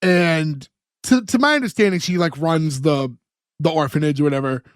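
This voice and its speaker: A man's voice: on the high side, normal speed, no echo, clean studio sound. A man casually recapping a sitcom episode on a podcast, a loose storyteller full of filler words. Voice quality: talkative, loose storyteller who acts out quotes. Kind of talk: casual chat, plot recap.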